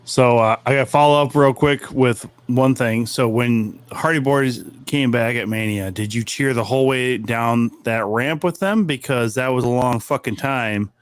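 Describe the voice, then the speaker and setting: A man hosting a casual stream, relaxed and swearing freely as he reads out viewer questions. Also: mid-range voice, normal speed, few pauses, clear, resonant tone. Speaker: host.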